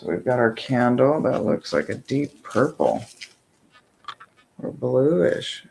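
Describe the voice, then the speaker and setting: A man chatting through an unboxing, gushing with breathy exclamations and whispered asides. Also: medium pitch, very animated, slow pace, a little mellow, a little hiss or hum, poor audio. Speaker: vlogger unboxing subscription boxes. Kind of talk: casual unboxing chat.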